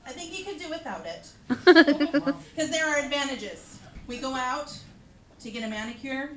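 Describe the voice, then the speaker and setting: A woman's voice: high voice, expressive, normal speed. A middle-aged woman doing a stand-up comedy set at a bar open mic, wry and self-mocking. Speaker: stand-up comic. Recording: echoey room, crowd laughter.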